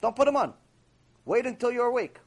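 A man teaching a Torah lecture in an animated, repetitive way, acting out voices as he speaks. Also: extremely high pitch, a little fast. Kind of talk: recorded mussar lecture.

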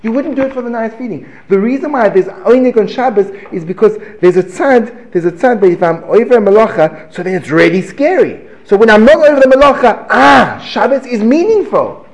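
High, animated male Torah teacher. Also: moderate pace. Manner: animated, rhetorical questions, self-interrupting and chuckling. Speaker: religious teacher. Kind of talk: lively Torah class lecture. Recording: echoey room.

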